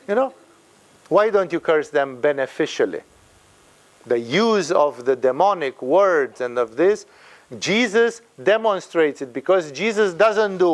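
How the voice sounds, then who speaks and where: A man's voice: a little high, animated, measured pace. A man giving a spiritual talk, emphatic and fond of acting out the people he quotes. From Romania. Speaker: spiritual teacher.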